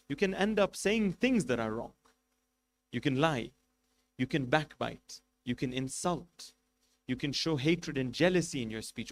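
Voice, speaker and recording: Emphatic man preaching a sermon, pitched a bit high. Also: a little hiss or hum. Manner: emphatic, numbered points, rhetorical questions. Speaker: sheikh giving a majlis lecture.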